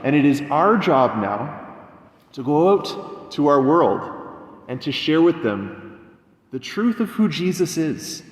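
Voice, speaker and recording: A man's voice: a little high, sing-song, slow pace, long pauses. A young male priest preaching a sermon, telling a story and acting out the voices of the people in it. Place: church. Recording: echoey church with long reverb.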